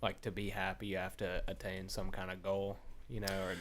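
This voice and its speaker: A man's voice: low-pitched, monotone, fairly quick, a bit bright. A man hosting a casual podcast chat, speaking hesitantly with fillers and short agreements. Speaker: podcast host.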